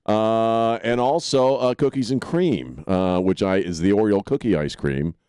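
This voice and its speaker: A middle-aged male radio co-host with a lowish, clear voice, chatting casually and tossing out opinionated jokes. He rambles a little as he talks. The studio sound is dry and close. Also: measured pace, a little mellow, no echo. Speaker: radio talk show co-host. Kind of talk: casual morning radio chat. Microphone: studio microphone.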